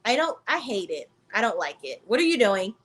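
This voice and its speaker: A woman's voice: medium pitch, sing-song, a little fast, fairly bright tone. A woman reviewing reality TV in a casual, blunt and profane commentary vlog, talking straight to her viewers. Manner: talks straight to the viewers as "sis" and "y'all".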